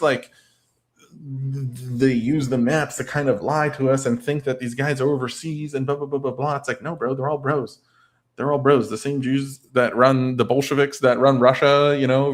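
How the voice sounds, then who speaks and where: A man talking casually on a livestream. He rambles, filling his speech with "like" and "I don't know", and reads out and answers viewer comments. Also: medium pitch.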